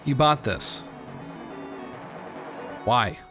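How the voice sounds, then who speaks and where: A streamer reading a story game aloud, with quick, joking asides. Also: mid-range voice, lively intonation. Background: loud game music.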